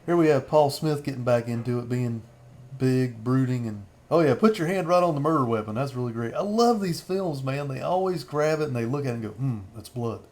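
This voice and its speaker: Man, 30s, casual film commentary, rambling, chuckling, mid pitch. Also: expressive, brisk, darkish tone. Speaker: host of a fan movie commentary channel.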